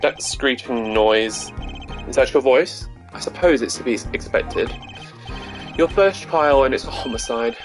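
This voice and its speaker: A British man voicing a calm, wry senior male lawyer in a posh British accent during a game playthrough. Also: mid-range voice, a little slow, faint music behind, close to an everyday voice.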